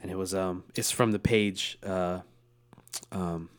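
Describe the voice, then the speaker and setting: A man's voice: low-pitched, fairly even intonation, slow pace. A man co-hosting a podcast in casual chat, laid-back, swearing freely and laughing often. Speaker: podcast co-host.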